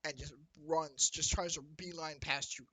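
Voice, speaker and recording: A man's voice: fairly high pitch, fairly even intonation, normal speed, bright, forceful tone, low-quality recording. A man narrating as dungeon master in a loose, chatty way, with lots of ums. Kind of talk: casual tabletop game narration.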